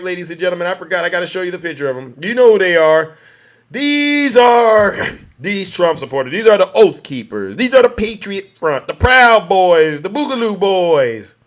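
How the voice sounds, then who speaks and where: A man giving a mocking, ranting political commentary, often turning to his listeners with a direct address. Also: sits high. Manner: mocking, keeps addressing "ladies and gentlemen".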